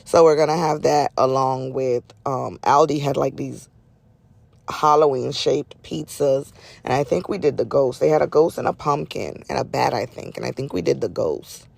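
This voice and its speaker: A woman's voice: rumbling low, normal speed, vocal fry, darkish tone. A middle-aged woman hosting a solo podcast in casual, chatty talk, her nose a little stuffy, with folksy asides. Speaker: podcast host.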